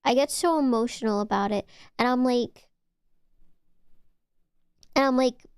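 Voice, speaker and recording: Woman livestreamer, casual chatty ramble with loose swearing; smooth, clean tone, dead-dry sound. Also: fairly high pitch, normal speed, pauses often, no echo. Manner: rambling, playful, swears freely. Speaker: VTuber streamer.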